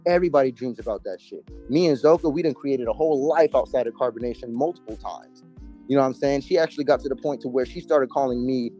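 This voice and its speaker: A man's voice: medium pitch, quick pace, warm tone, soft background music. A man telling his story in a casual interview, emphatic and heavy on slang and swearing. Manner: emphatic, profane, street slang. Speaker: interview guest.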